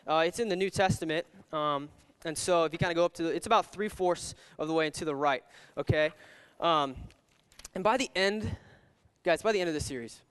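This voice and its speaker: A man's voice: a little high, brisk, a bit bright, clean tone. Young man rambling through a sermon. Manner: rambling, filler-heavy, with many "like"s and restarts. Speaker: youth pastor. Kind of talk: casual sermon with storytelling. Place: church hall. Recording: long reverb of a large hall.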